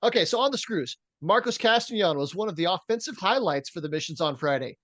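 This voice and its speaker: Man, podcast co-host, casual sports talk, slightly high voice, dry sound. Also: quick pace, no room sound. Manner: reads stats in a steady rundown, with fillers.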